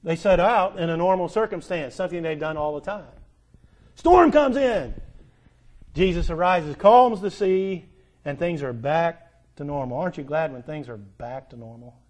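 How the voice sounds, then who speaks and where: A man preaching a sermon, swinging between loud urgent appeals and soft hushed asides, drawing out words for emphasis. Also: a little high, normal speed.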